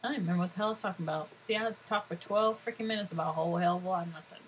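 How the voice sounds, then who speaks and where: A middle-aged woman talks casually to her viewers. She rambles and chats freely and laughs often, in a somewhat low voice. A faint hum of room ambience sits behind her. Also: very fast, low-quality recording. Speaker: vlogger.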